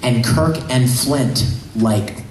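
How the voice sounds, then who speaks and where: An animated man at a convention panel, telling a story with feeling and tripping over his words. His mid-pitched voice echoes around a large room, with faint hiss underneath. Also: drawn-out words, distant mic. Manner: animated, emotional retelling with many restarts. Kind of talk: enthusiastic storytelling. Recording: echoey hall, faint noise.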